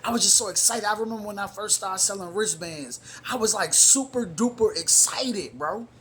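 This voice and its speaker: A man's voice: high-pitched, normal speed, a bit bright, a little hiss or hum. A man hosting his own show, giving a casual motivational talk to camera. He is emphatic and repetitive, uses informal slang and calls his listeners brothers and sisters. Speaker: motivational speaker and show host.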